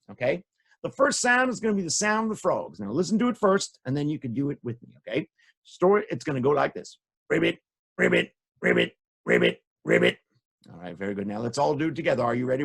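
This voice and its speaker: A man's voice: fairly high pitch, vocal fry, a bit bright. A man telling stories to children, playful and interactive, guiding his listeners through sound effects. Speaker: storyteller. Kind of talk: animated children's storytelling.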